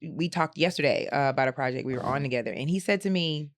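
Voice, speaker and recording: A woman's voice: deep voice, fast. A young adult woman co-hosting a podcast, chatting casually in slang, swearing freely and laughing as she tells stories. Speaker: podcast co-host. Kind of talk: casual chat.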